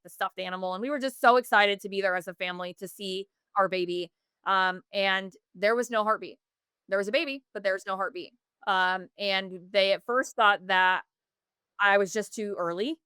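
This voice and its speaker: A woman's voice: medium pitch, a bit bright, smooth, no room sound, studio quality. A woman in her thirties, a podcast guest, telling a personal story earnestly, with many fillers and self-corrections. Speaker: podcast guest, business founder.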